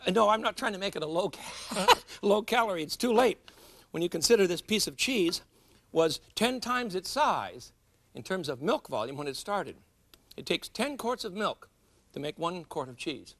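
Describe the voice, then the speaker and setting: A middle-aged man with a slightly high voice demonstrates a recipe in a studio kitchen. His pitch swings widely as he chats and jokes with the viewers, laughing at himself between steps. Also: sing-song, normal speed, a bit bright, dry recording. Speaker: cooking show host. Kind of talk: cooking demonstration.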